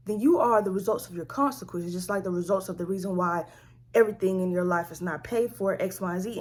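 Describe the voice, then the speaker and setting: A woman vlogger telling a family story in a slangy, animated, conversational way. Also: mid-range voice, husky. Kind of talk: storytime vlog.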